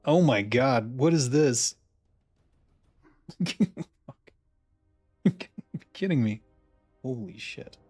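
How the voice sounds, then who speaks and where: A man's voice: medium pitch, expressive, very slow, pauses often, a little mellow, slightly rough, dry recording, faint music behind. Man in his thirties, loose chatty streamer, lots of swearing and muttered asides. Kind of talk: casual chat while ordering food online.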